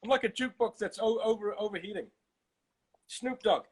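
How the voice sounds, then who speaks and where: A man doing rapid-fire celebrity impressions as a comedian, jumping between voices and laughing often. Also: sits high, husky, low-quality recording.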